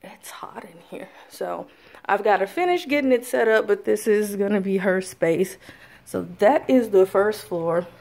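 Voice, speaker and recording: A woman's voice: mid-range voice, lively intonation, a little slow, vocal fry, a little mellow, slight background noise. A woman narrates a tour of her home as she moves between rooms. Her talk is loose and chatty, full of fillers and side remarks. It sounds like a casual home video shot on a handheld camera. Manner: chatty, rambling, frequent fillers. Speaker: vlogger giving a house tour. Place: inside a house, walking room to room.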